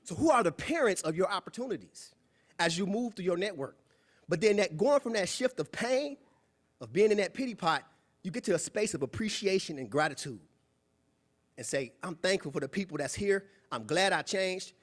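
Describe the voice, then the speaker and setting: Man, young adult, motivational speaker, preachy, lively delivery, slightly high pitch. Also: normal speed. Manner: preachy, animated, acts out quoted voices. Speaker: guest speaker. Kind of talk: motivational talk at a club meeting. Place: meeting room.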